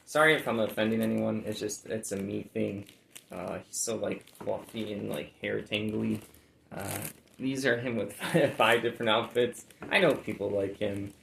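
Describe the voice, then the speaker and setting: A man with a low, gravelly voice talks in a laid-back, rambling way, full of "like" and "uh". He sounds as though he is in an echoey room, with faint background noise. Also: moderate pace, fairly bright tone. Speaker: reseller showing sold items. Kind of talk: casual chat.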